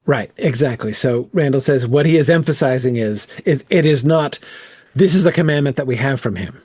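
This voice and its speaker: A man's voice: fairly high pitch, animated, normal speed, a little mellow, no echo, clean studio sound. A man leading a casual bible study, thinking aloud with frequent "um" and "right?" as he works through the text.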